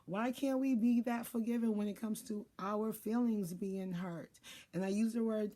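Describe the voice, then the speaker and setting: A woman's voice: mid-range voice, fairly even intonation, moderate pace, dark tone. A woman giving casual life advice in a blunt, profane monologue, acting out what people say. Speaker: life and spiritual advisor.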